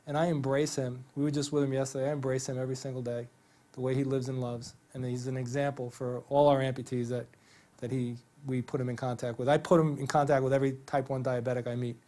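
A man with a mellow, mid-range voice presents physical therapy training from a theater stage. He keeps it conversational and enthusiastic, weaving in stories that quote what people said.

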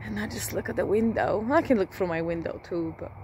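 A woman's voice: lowish voice, a little fast, a little mellow, slight background noise. A woman vlogging from her rural home at night, half-whispering, swearing often and speaking from the heart. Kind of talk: casual whispered vlog.

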